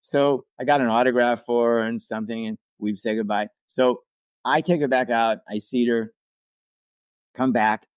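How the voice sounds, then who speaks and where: A man's voice: medium pitch, steady tone, moderate pace, clean tone, no room sound. An older man, a podcast guest and actor-writer, telling a rambling anecdote casually, with asides and restarts. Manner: acts out quoted people in livelier voices.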